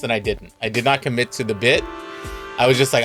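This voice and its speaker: A man's voice: medium pitch, fairly even intonation, fast talker, fairly bright tone, faint music behind. A Californian man streaming, telling a rambling, self-mocking story with a laugh.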